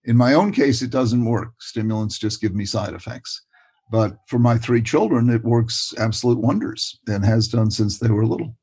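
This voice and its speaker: An older man, a guest expert in a casual interview, talking with warm enthusiasm and often repeating words. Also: mid-range voice, moderate pace, slightly rough. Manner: warm, enthusiastic, repeats words and says "you know" a lot.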